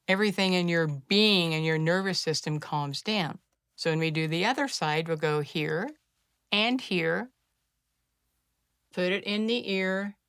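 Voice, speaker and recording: A middle-aged woman with a smooth, clear voice set a little low leads a simple calming exercise with gentle encouragement. She drops to a soft hush through the breathing steps. The recording is close and dry. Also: dry recording. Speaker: wellness practitioner teaching a self-care technique. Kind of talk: guided instruction to camera.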